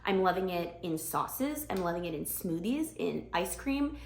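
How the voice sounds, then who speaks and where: A woman's voice: on the low side, sing-song, normal speed, creaky. A young woman vlogging in casual, bubbly chat straight to camera, talking with lots of enthusiasm. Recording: echoey room.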